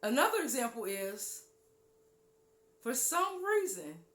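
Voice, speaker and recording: A woman with a fairly high voice gives an animated spiritual teaching talk as a show host. She sinks to a low, hushed tone on her main points. The recording carries a noticeable room echo. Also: takes it slowly. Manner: animated, acts out listeners' voices in a higher pitch; drops low and quiet on key points.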